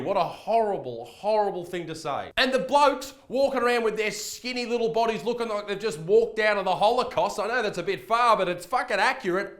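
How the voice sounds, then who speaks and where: A man's voice: high voice, expressive, brisk, hardly any pauses, fairly bright tone, reverberant. An Australian man and comedian delivering a crude, sweary, mock-outraged comedic rant. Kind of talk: comedic rant reacting to clips.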